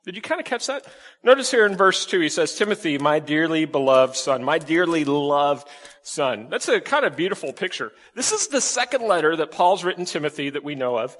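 A man preaching a sermon in a lively, conversational way, asking the congregation rhetorical questions. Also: on the high side, a little fast, in a large hall. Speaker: pastor.

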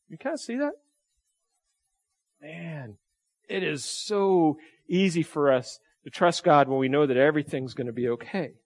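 Man, pastor, chatty sermon, slightly high voice. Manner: conversational, asks the congregation questions, animated.

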